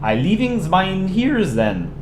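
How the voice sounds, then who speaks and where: Guy putting on a cartoon dane countryball, mock danish accent, broken english, bragging, higher voice, roomy echo. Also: sing-song, slow, background noise, full character voice. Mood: boastful. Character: male countryball Denmark, boastful, broken English.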